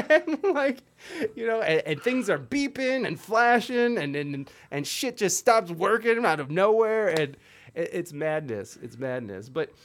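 A man's voice: high-pitched, animated, measured pace, a bit bright. A man hosting a podcast and live stream, talking casually in a rambling, self-interrupting, jokey way with some swearing. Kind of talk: casual chat.

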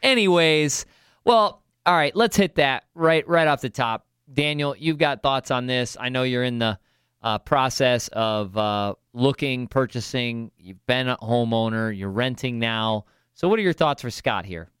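A man's voice: mid-range voice, a little slow, a bit bright, clear, resonant tone, dry recording, clean studio sound. A man, co-hosting a money podcast, introducing questions with upbeat, jokey patter. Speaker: podcast co-host. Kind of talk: casual podcast banter.

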